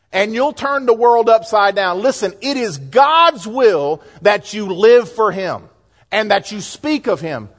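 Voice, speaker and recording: A middle-aged man with a Southern US accent, a pastor preaching a sermon in a folksy, lively way with asides and jokes. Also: very high-pitched.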